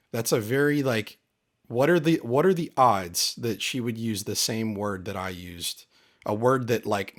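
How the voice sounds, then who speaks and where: A man hosting his channel, talking casually and emphatically, aggrieved and repeating his points. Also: medium pitch. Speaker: channel host. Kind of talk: casual commentary.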